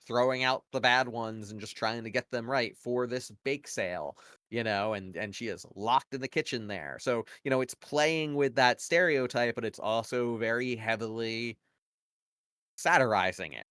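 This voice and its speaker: Medium-pitched with a clean, somewhat bright tone, he speaks at a moderate pace in a dry, clean studio recording. On the podcast he argues opinions at length in casual analysis, rambling with many "like" and "you know" fillers.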